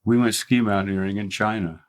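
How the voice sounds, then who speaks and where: A man's voice: on the low side, fairly even intonation, a little fast. An older man from Mississippi with a faint Southern accent, a ski photographer telling stories in a casual interview, rambling and restarting often.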